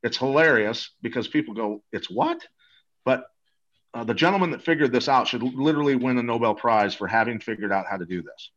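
A man's voice: medium pitch, quick pace, few pauses, fairly bright tone. Eager rambling man on dull audio. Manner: eager, rambling, salesy, many restarts. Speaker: guest promoting a supplement. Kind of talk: casual interview talk.

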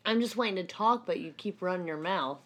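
A woman's voice: fairly low pitch, fairly quick. A woman co-hosting a podcast, chatting casually with dry, sarcastic comebacks. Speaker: podcast co-host.

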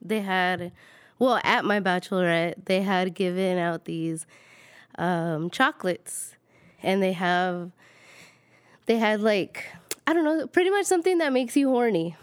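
A young woman casually telling a funny personal story, giggling and animated. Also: mid-range voice, unhurried, clean tone, dry recording. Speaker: guest storyteller. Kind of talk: casual chat.

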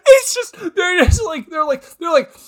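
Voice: very high voice, very animated, moderate pace. A podcast co-host in casual movie-review banter, laughing often and slipping into mocking impressions.

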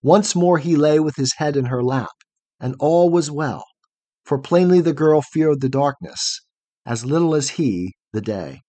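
A man reading a fairy tale aloud in a measured, expressive storytelling manner. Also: fairly high pitch, no echo. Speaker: narrator.

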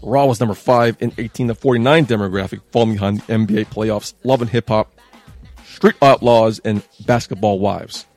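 A man in his thirties hosting a casual talk show, chatty and sarcastic with lively asides. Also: lowish voice, normal speed, faint music behind. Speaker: podcast host.

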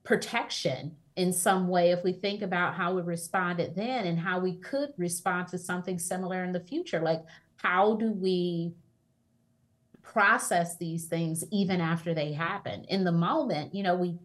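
Female author guest, low-leaning voice, calm reflective advisor. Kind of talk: conversational interview advice.

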